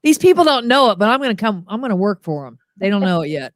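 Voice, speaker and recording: A woman's voice: medium pitch, quick pace, dry recording, studio quality. A middle-aged woman, a motivational humorist, chatting as a guest over a video call and acting out quotes in voices. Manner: animated storyteller, acts out quotes in voices. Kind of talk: casual interview chat.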